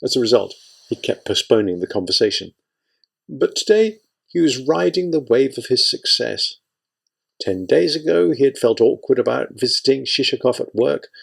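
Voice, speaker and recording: A male audiobook reader narrating a literary novel. His voice is gravelly, and his delivery stays steady and measured. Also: mid-range voice.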